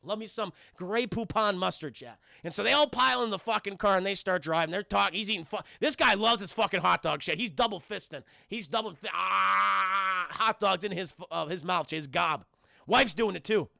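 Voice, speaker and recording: A man's voice: sits high, moderate pace, vocal fry, sharp tone, no echo, studio quality. A man reviewing a film on a live stream, talking to his chat in a rambling, profane way.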